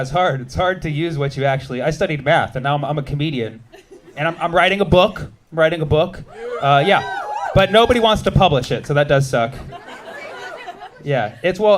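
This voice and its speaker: A man works a comedy club stage into a handheld mic, his voice sitting a touch high for a man. He delivers his set with punchy timing and quick asides, and he bants with the crowd between jokes. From United States. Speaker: stand-up comedian.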